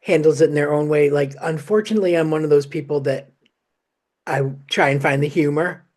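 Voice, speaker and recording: A man with a fairly high voice hosts a podcast conversation. He talks chattily, with loose sentences and lots of fillers. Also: fairly even intonation, brisk, darkish tone. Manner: chatty, full of "you know" fillers. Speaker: podcast host.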